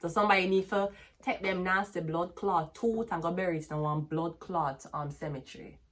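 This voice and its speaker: A woman's voice: lowish voice, normal speed. A woman with a Jamaican accent giving a tarot reading as a brash, cursing rant that slips into patois. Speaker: tarot reader.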